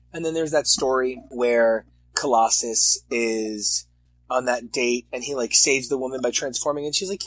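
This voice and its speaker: Husky, animated man talking comics. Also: medium pitch, normal speed, rough recording. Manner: animated, exasperated. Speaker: comic podcast co-host. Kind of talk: casual chat.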